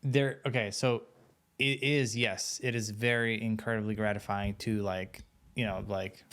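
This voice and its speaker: A man's voice: fairly low pitch, steady tone, unhurried, fairly bright tone. A man in his thirties, a podcast guest, talking frankly and with self-mocking humor. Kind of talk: casual podcast chat.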